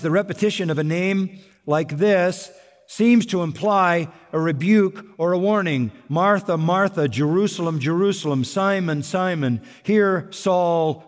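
Male preacher, slightly high pitch, emphatic sermon delivery, long hall reverb. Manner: emphatic, repeats key words, rising to stress points.

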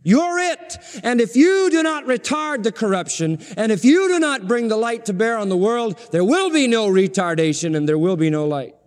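A man's voice: sits high, sing-song, normal speed, few pauses, big-room sound. A man preaching a sermon as pastor, emphatic and driving points home by repeating short phrases.

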